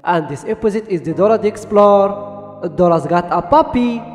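A man's voice: sits high, expressive, normal speed. A man hosting a channel, retelling a cartoon episode in simple, broken English. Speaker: channel host and narrator. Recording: echoey room with background music.

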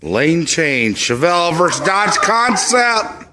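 A man hosting and calling toy car races at home, switching between slow announcements and loud whooping shouts. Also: a little high, very animated. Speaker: race host. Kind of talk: excited hobby race commentary. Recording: noisy home recording.

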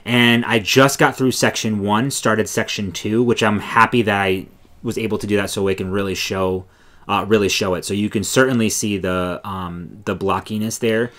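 Guy with a lowish voice gushing about a shawl, lots of um and like, laid back podcast chat. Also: steady tone, normal speed, fairly bright tone. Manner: enthusiastic, meandering, lots of fillers. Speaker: podcast co-host. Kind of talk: casual knitting podcast chat.

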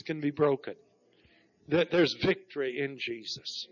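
Fervent storytelling preacher, lo-fi church tape. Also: male voice, mid-range voice, measured pace. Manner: storytelling preacher, repeats "Praise God" with rising fervor. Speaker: pastor. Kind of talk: sermon. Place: church sanctuary. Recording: dull lo-fi 1991 church recording.

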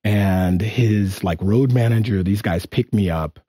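A man telling a profane, animated anecdote as a studio guest, acting out the voices of the people in it. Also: fairly low pitch, a little slow, breathy edge, dry recording. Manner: profane, acts out voices in his story.

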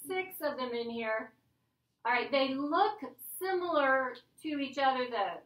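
A woman's voice: sits high, expressive, a little slow, a bit bright. A woman teacher giving a playful, chatty grammar lesson to her class. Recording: echoey classroom from a distance.

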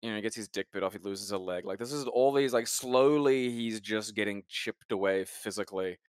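A man's voice: lowish voice, brisk, clear, resonant tone, dry recording, clean studio sound. A young man co-hosting a casual podcast chat, rambling and swearing often as he trails off mid-sentence. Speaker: podcast co-host.

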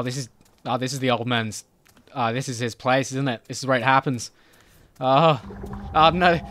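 A man giving joking, excitable commentary while playing a game, often shouting at enemies. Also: mid-range voice, a little hiss or hum. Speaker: gaming YouTuber. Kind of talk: comedic let's-play commentary.

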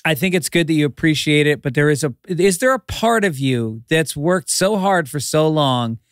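Wry, fairly high-voiced male comedian. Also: no echo, clean studio sound. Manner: relaxed, wry, fast when telling anecdotes. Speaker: comedian guest. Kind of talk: casual chat.

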